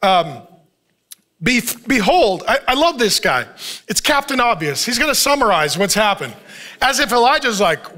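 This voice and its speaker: High, bright-voiced joking preacher man. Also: normal speed. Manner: animated, joking storyteller; chuckles often while preaching. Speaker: pastor. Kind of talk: sermon.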